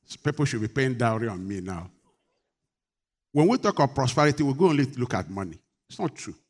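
A middle-aged man preaching a sermon, moving from quiet talk to loud rebuke. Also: medium pitch, lively intonation, fairly quick. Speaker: pastor.

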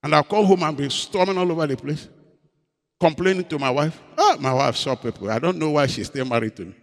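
Fervent pastor preaching in a reverberant hall. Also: male voice, a little high, fairly quick. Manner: dramatic storytelling preacher, swinging between loud emphasis and hushed confession. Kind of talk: sermon.

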